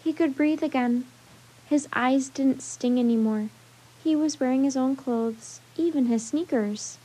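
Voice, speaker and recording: Storyteller, female, steady gentle reading of a kids' book; mellow, slightly husky. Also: sits high, unhurried, low-quality recording. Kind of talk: reading a children's chapter book aloud.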